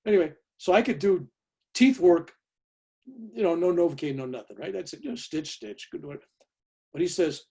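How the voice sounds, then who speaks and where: An older man in his seventies with a husky, slightly high voice tells a story with emphatic energy. He talks over a video call from home and often checks in with a quick question. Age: 70s. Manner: emphatic, lively, tag questions. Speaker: guest speaker. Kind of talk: animated personal storytelling.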